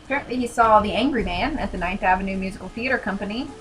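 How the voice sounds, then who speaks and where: A woman's voice: medium pitch, rapid-fire, poor audio. A young woman casually commenting as she livestreams a video game, chatty and giggly, rambling with lots of "like". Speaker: streamer playing a video game.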